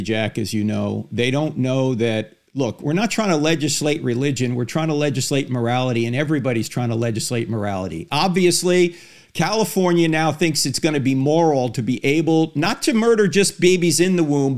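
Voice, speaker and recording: Indignant high-voiced male talk host. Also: a little mellow. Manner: emphatic rhetorical questions, pitch rising sharply when indignant. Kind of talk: radio talk show hosting.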